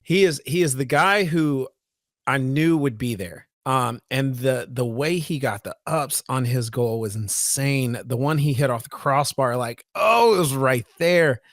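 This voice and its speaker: A man's voice: medium pitch, a little slow, dry recording. Eager man chatting on a podcast, dry sound. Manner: enthusiastic, restarts and repeats words often. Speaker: podcast co-host. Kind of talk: casual sports podcast chat.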